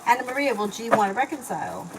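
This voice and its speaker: A woman's voice: a little high, expressive, quick pace. A woman giving a live-stream tarot reading, reading out viewer questions and answering casually with fillers. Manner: reads viewer questions aloud, then answers loosely with fillers. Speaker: tarot reader. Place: home. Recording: noisy home recording.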